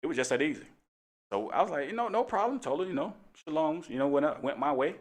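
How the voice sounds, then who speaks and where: A man's voice: fairly high pitch, quick pace. A middle-aged man, a police officer hosting a talk show, telling a casual story in a laid-back way and laughing often.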